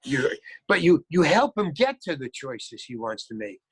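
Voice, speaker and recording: A man's voice: mid-range voice, very animated, moderate pace, fairly bright tone, slightly rough, no room sound, low-quality recording. An older man, an actor, telling rambling anecdotes in a casual interview. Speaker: actor guest.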